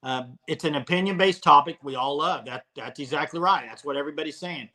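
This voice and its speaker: A man hosting a live sports talk show, relaxed and conversational, speaking to the chat. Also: a little high, brisk. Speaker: host.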